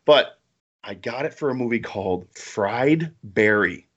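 A man co-hosting a podcast in casual chat, excitable and rambling, laughing often. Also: mid-range voice, a little slow, husky, muffled recording. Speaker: podcast co-host.

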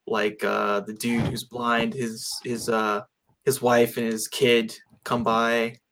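A man's voice: mid-range voice, completely flat delivery, slow, gravelly, fairly bright tone. A man in casual conversation about a film, rambling with lots of fillers and restarts. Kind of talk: casual movie discussion.

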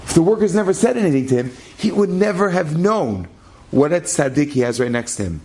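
A man telling an inspirational story in an animated way, with dramatic pauses and shifting pace. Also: fairly high pitch.

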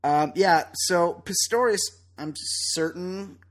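A man co-hosting a podcast in casual chat, talking emphatically with plenty of swearing and quick laughs. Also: high-pitched. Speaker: podcast co-host.

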